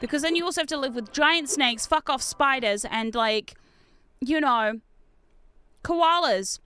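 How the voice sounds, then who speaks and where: This VTuber, a young woman with a New Zealand accent, curses openly during relaxed gaming-stream chatter. Her high voice is a little slow, pushed and bright, clear and resonant. There's no room sound, just soft music underneath.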